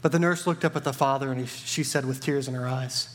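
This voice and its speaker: A man's voice: mid-range voice, fairly even intonation, fast talker. A man preaching a sermon in a friendly, joking storytelling way. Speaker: church partner preaching.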